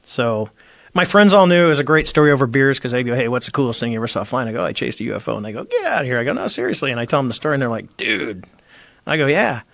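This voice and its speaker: A man's voice: medium pitch, very fast, creaky, fairly bright tone, dry recording. A middle-aged man, a former Navy squadron commander, telling his story as a podcast guest and acting out the voices he quotes. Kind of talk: casual storytelling interview. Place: podcast studio.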